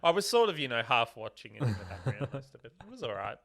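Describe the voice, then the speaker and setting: A man's voice: medium pitch, very animated, fast, crowd noise. Joking man on a podcast. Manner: joking, laughs often, acts out silly voices. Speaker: podcast co-host. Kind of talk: casual chat.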